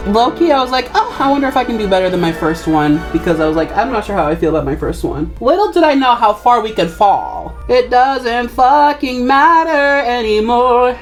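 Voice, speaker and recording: A woman in her twenties chatting casually and giggling while painting her face in her bedroom, rambling and swearing freely. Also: medium pitch. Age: 20s. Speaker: vlogger.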